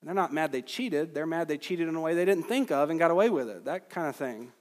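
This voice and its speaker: Earnest preacher in a reverberant hall. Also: male voice, a little high, lively intonation, fast talker. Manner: earnest, emphatic preaching with rising peaks. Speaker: pastor. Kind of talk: expository sermon.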